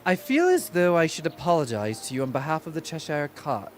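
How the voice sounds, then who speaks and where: A polite, prim storybook character speaks in a bad British accent, as a man puts it on. The read-aloud lines rise and fall in a lively sing-song. Soft game music plays faintly underneath. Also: fairly high pitch, brisk, pitched above the performer's own voice. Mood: apologetic.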